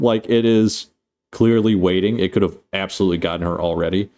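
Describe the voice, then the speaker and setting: A man with a very deep voice walks through a movie's plot in a loose, unscripted recap. He swears freely, leans on filler words, and laughs at his own retelling. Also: fairly even intonation, fairly quick, mellow. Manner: rambling, profane, laughs often. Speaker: host.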